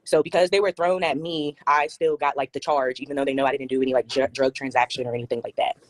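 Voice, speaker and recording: Woman, 20s, interview guest, hesitant, many fillers, low pitch. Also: flat delivery, quick pace, dry recording. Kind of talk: casual interview.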